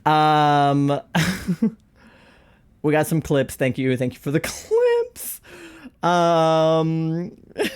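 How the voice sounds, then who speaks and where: Animated, laughing streamer telling a story. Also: slow, long pauses, clear, resonant tone. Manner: animated, laughs often, big swings in pitch. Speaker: live streamer. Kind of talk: casual storytelling to chat.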